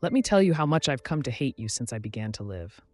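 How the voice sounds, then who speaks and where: A man's voice: medium pitch, sing-song, quick pace, a little mellow, no room sound, soft background music, close to an everyday voice. A man reading as a hateful supercomputer. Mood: cold hatred. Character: hateful male supercomputer speaking to a human.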